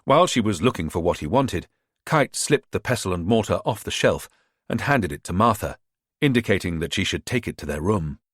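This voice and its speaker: A man narrating a thriller audiobook in an expressive, measured way. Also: deep voice, breathy edge, no room sound, clean studio sound. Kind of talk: scripted narration.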